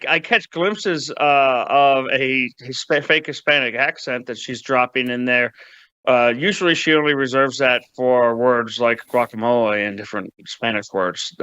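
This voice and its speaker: A man gives wry political commentary, stumbling into restarts as he goes. His voice is bright and crisp, with a dry and slightly dull sound. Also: mid-range voice, no room sound.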